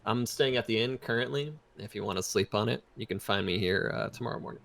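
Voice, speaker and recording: A man as dungeon master, narrating and speaking for characters in a measured, expository way. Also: fairly low pitch, gravelly, fairly bright tone. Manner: expository, measured, with many fillers. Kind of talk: narrating a tabletop game in character.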